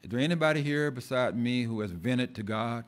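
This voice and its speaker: In a church, a male pastor delivers a fiery sermon in a mid-range voice at a brisk clip. He lurches from loud outbursts to quiet asides and keeps repeating words.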